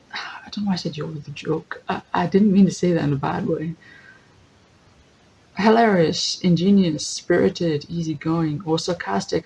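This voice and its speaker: Gravelly-voiced chatty tarot reader. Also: medium pitch, darkish tone, slight background noise, poor audio. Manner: chatty, thinks aloud, often corrects itself; laughs easily, reads lists from a guidebook. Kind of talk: casual general tarot reading.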